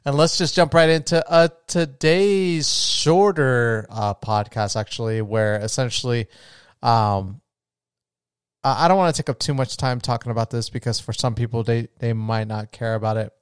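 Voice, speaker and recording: A man's voice: medium pitch, moderate pace, clear, resonant tone, no echo, clean studio sound. A young adult man hosting his own podcast, chatting casually and gushing with loose restarts. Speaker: podcast host. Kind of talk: casual solo podcast talk.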